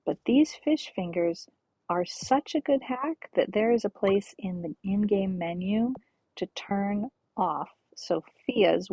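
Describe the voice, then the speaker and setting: Streamer, woman: husky, gravelly, unhurried half-whispered game chat, faint music under it. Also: on the low side, no echo. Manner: slow, soft-spoken, often half-whispered. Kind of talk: relaxed gameplay commentary.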